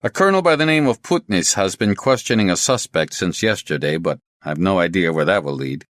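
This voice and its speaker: A man's voice: low-pitched, lively intonation, fairly quick, fairly bright tone, dry recording, studio quality. A man reading a weary middle-aged detective.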